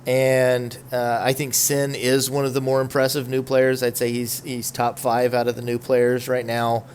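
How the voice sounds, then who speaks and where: A man's voice: mid-range voice, completely flat delivery, moderate pace, a little mellow, a little hiss or hum. A man hosting a casual gaming podcast, talking in a chatty, opinionated, rambling way. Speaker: podcast host. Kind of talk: casual esports podcast chat.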